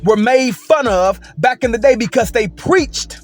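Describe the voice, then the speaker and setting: A man's voice: very high voice, expressive, a little slow, faint music behind. A man hosting a commentary video, speaking emphatically and checking in with "right?". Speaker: host.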